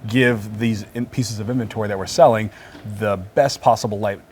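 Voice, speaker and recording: A man with a somewhat low voice leads a walking tour through a warehouse. He explains his auction business in a steady, upbeat, salesy way. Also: moderate pace, a little hiss or hum. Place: warehouse facility.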